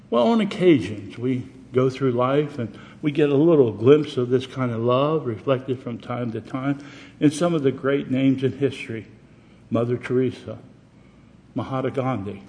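A man preaching a sermon, rising dramatically on key words and dropping to hushed tones. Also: mid-range voice, vocal fry. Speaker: pastor.

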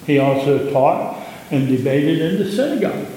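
A man with a Southern US accent, a pastor giving an impassioned sermon that rises in pitch on key points. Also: sing-song, normal speed, warm tone, a little hiss or hum. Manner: impassioned preaching, rising in pitch on emphasis. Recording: echoey hall with long reverb.

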